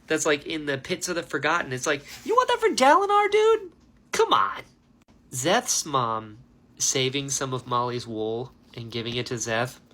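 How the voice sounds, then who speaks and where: Animated, bright-voiced chatty man. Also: medium pitch, moderate pace. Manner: animated, chatty, heavy use of "like" and "dude". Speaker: book reaction host. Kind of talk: casual reaction chat.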